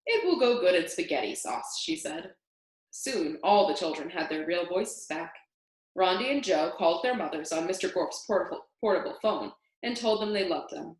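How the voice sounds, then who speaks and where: A woman reads a children's storybook aloud, with expression in every line. Her pitch rises and falls a lot. The recording sounds echoey. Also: normal speed. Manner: expressive, animated. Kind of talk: reading a children's book aloud. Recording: echoey room.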